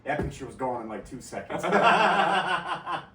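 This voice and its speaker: A man's voice: on the high side, very animated, unhurried, sharp tone, recorded from a distance, a little hiss or hum. A man hosting a podcast in casual chat, telling profane stories and laughing often. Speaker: podcast host. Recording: roomy echo from off-mic, faint ambience.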